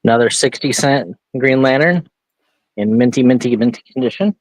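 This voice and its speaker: A man's voice: medium pitch, normal speed, no room sound, low-quality recording. Chatty man hosting a live sale. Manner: chatty storyteller showing items. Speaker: host. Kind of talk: casual live-stream chat.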